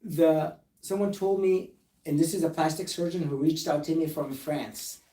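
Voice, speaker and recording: A man's voice: a little high, moderate pace, dark tone, echoey room, far from the mic, low-quality recording. A man who is a plastic surgeon, speaking earnestly and emphatically and reading documents aloud during a recorded live discussion.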